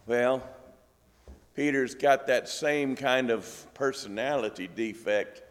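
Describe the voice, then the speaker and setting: A male preacher delivering a sermon at an unhurried pace, dropping in wry, folksy jokes. His voice sits at an ordinary middle pitch. It rings out with a long reverb, as in a large church. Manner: folksy, joking asides.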